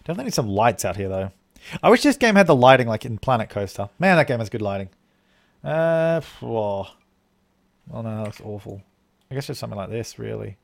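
A man's voice: lowish voice, sing-song, a little fast, creaky. Man rambling through live game commentary. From Australia. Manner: rambling, thinking aloud while playing; thanks viewers for donations. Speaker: game streamer.

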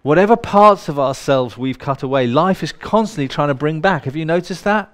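A man with a fairly high, somewhat bright voice runs a live workshop before a room full of people, animated and a little fast. He's playful and irreverent, dropping the occasional swear word.

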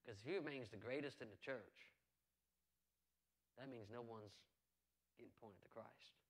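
A man's voice: medium pitch, unhurried. Earnest preaching pastor, man. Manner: earnest, conversational preaching with repetitions and asides. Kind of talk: sermon.

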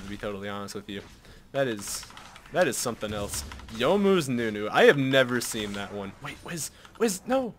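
A young man giving live commentary over his own game at a computer, swinging from muttered asides to loud shouts at big plays and swearing casually. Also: medium pitch, slight background noise. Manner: swears and jokes casually, mutters to himself while shopping. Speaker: gameplay commentator.

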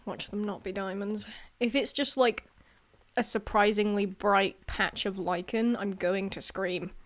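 A woman's voice: mid-range voice, fairly even intonation, measured pace. A woman giving casual commentary over her own gameplay, chatty and self-deprecating, often laughing and yelping at scares. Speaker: gaming video creator.

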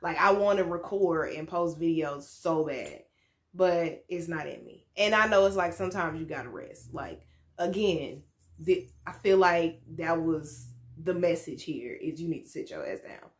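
A woman's voice: low-pitched, a little slow. A young woman telling a frank, candid story in a casual vlog, swearing freely and laughing now and then. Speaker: vlogger. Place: home room with lights.

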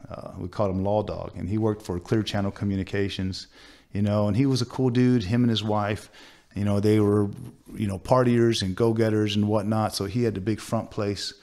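Gravelly low-voiced guy telling his story in an interview, earnest, lots of you knows and restarts. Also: flat delivery, darkish tone. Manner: earnest, halting, with many "you know" fillers and restarts. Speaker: tattoo artist, interview guest. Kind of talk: personal storytelling in a sit-down interview.

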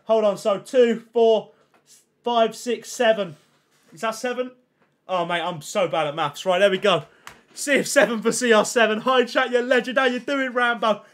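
A man's voice: high voice, moderate pace, a bit bright. A young man hosting a live gaming stream, chatting in a hyped, slangy way and reading out chat messages. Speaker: livestream host.

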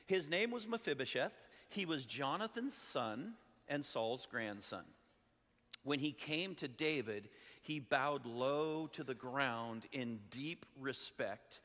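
A male pastor preaches to his congregation in a relaxed, conversational storytelling manner, often putting questions to his listeners. His voice is bright and forceful at a middle pitch. The recording carries a long reverb from a large church sanctuary. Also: slow pace. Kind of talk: sermon.

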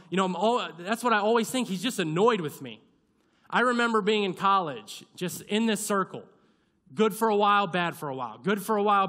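A man's voice: high-pitched, sharp tone. A young man preaching a sermon in a church, in a conversational, self-deprecating way, acting out his own past doubts as little scenes. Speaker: pastor. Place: church sanctuary.

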